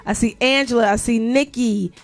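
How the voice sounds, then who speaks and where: A woman hosts a live call-in show in a relaxed, chatty way, greeting people and laughing along. Her voice sits somewhat high, with faint music playing behind her. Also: normal speed. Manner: chatty, reads out viewer names, laughs easily. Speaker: host. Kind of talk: casual live call-in chat.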